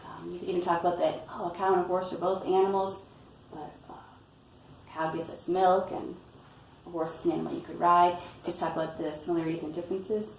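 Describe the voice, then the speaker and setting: A woman reads a picture book aloud and patiently explains storytime tips in an instructional tutorial, often pausing with "um" and "you know." Her voice is lowish, flat, darkish, and has vocal fry, recorded roomy and from a distance with faint ambience and slight background noise.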